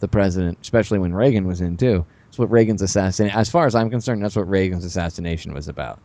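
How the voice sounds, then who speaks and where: A man hosting a radio talk show, rambling with sarcastic, animated asides. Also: low voice, fast talker.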